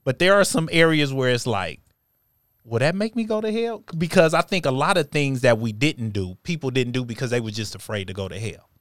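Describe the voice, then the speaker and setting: A man's voice: mid-range voice, brisk, fairly bright tone, no room sound. Easygoing male podcast host, dry mic. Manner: conversational, affirming, playful asides. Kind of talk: casual faith discussion.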